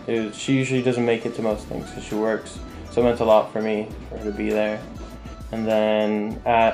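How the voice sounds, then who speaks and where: Soft-spoken reflective teenager. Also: mid-range voice. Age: teens. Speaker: senior band student. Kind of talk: casual reminiscence.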